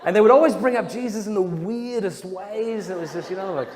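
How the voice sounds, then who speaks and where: Young man, Australian accent, comic storyteller, fairly high voice, long hall reverb. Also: a little fast. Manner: joking storyteller, acts out quoted voices. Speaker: Catholic speaker. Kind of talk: comedic talk to a live audience. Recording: live hall with long reverb, faint crowd ambience.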